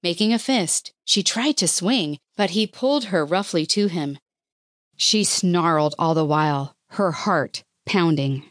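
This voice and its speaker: A woman reads a novel aloud in a measured, expressive way. Her voice is lower than most and very unhurried. The recording is dry with no room sound. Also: no echo. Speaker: audiobook narrator. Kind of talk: scripted narration of a historical romance.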